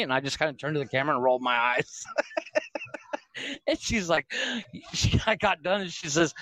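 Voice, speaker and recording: A man's voice: medium pitch, lively intonation, a little fast, sharp tone, no echo. A man co-hosting a podcast, telling profane stories in casual chat and laughing often. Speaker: podcast co-host. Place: home recording room.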